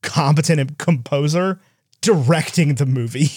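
A man in casual movie chat, animated, with quick asides and voices when he retells scenes. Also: a little high, no echo, clean studio sound.

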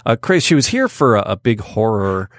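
A man's voice: lowish voice, very animated, fairly quick, no echo. A man hosting a podcast, chatting casually in a studio, rambling with many fillers and restarts. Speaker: podcast host. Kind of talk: casual chat.

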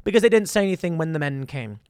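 A man's voice: a little high, animated, fast, darkish tone, no room sound, clean studio sound, close to an everyday voice. A man doing a mocking impression of an older female politician, exaggerating her delivery.

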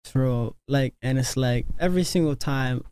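A man's voice: mid-range voice, moderate pace, a little mellow, smooth. A man in casual chat, talking hesitantly with many fillers.

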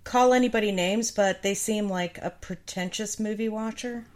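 A woman in her thirties co-hosting a podcast, reading out reviews and chatting in an even, measured way. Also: mid-range voice. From United States. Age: 30s. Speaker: podcast co-host. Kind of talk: casual chat, reading reviews aloud.

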